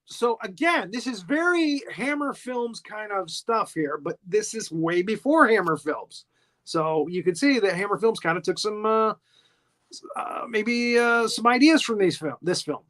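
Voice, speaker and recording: A man's voice: high-pitched, lively intonation, a little slow, fairly bright tone. A man hosting a podcast, recapping an old film in a chatty, playful way with frequent giggles. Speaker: podcast host.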